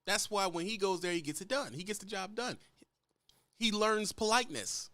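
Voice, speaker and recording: Man, truck driver, blunt lecturing rant, bright forceful voice, dry close sound. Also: high-pitched, normal speed, no echo. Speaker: truck driver giving advice. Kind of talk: casual ranting vlog.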